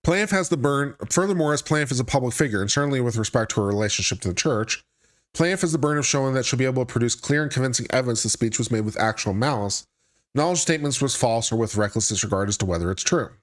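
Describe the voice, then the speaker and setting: This legal commentary host has a medium-pitched, expressive voice and a rapid-fire delivery. Live on stream, he reads a court filing aloud and breaks into sarcastic, dry asides.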